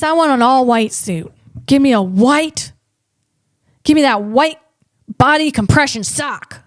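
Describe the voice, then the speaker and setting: A woman with a high voice rambles through a comic podcast monologue, restarting her sentences as she goes. The sound is dry and close, with no room around it. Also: dry recording. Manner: rambling, animated, with frequent restarts. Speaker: comedian podcast host. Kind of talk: comedic monologue.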